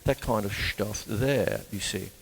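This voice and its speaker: A man's voice: lowish voice, unhurried, vocal fry, husky, long reverb tail. An Australian man giving a casual drum lesson, chatty and rambling, cracking jokes and saying "you see" a lot. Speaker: drum teacher. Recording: drum kit playing behind the voice.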